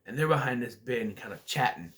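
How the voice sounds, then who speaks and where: Man, movie review vlog, rambling, lively pitch, casual delivery. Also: fairly quick. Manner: rambling, hesitant, many restarts and acted-out quotes.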